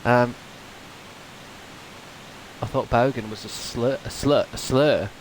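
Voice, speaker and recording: A man's voice: medium pitch, steady tone, slow, slight background noise, poor audio. A man, streaming a game and chatting casually with viewers in a rambling way, laughing often. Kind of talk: casual gaming livestream chat.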